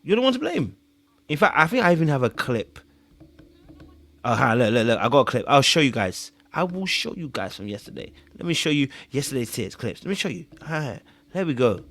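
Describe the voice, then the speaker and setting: A man's voice: mid-range voice, big pitch swings, fairly quick, fairly bright tone, no room sound. A man hosting a reality TV review, scolding and mocking the contestants with rhetorical questions and stumbling over words with repeated fillers. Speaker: host.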